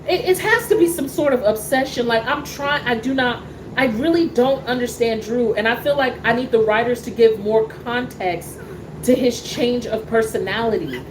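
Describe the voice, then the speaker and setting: A woman talks in a casual show, animated and sassy, full of fillers and restarts. Her voice sits a little high. A faint hum of room noise stays under it. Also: moderate pace. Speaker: soap opera talk show host. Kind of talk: casual chat reacting to a soap opera.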